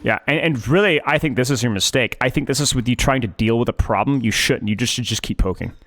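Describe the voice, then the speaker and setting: A man's voice: medium pitch, fast, fairly bright tone. A man coaching a player through a gameplay replay, emphatic and often repeating his points several times. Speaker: game coach.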